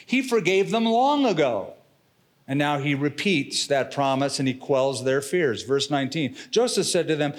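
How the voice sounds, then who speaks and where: Expressive pastor, a man preaching. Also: a little high. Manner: expressive, dramatic preaching with casual slang. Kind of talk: sermon.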